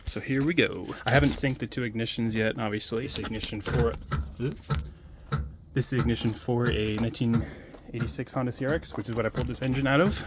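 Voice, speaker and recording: A man hosting a garage vlog in a casual, excited way, slightly out of breath, outdoors in a driveway. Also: mid-range voice, fairly quick. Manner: excited, chatty. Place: outdoor driveway and inside a small truck. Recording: loud engine noise behind. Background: loud motorcycle engine.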